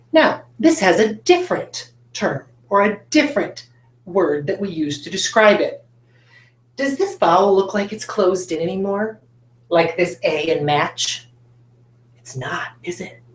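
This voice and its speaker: A woman teaching a recorded phonics lesson at a whiteboard, talking to students with encouraging, drawn-out questions. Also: medium pitch, reverberant. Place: classroom with a whiteboard.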